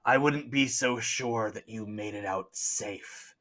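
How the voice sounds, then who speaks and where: A man voicing an ominous old woman who speaks slowly and quietly with menace. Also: lowish voice, pitched below the performer's own voice.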